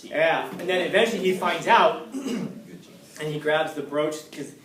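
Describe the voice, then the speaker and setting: A man's voice: on the high side, expressive, a little slow, a crowd in the background. A man teaching a class in a casual lecture, telling a story and acting out its characters, joking with his students. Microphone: distant room mic. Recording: echoey classroom recorded from far off.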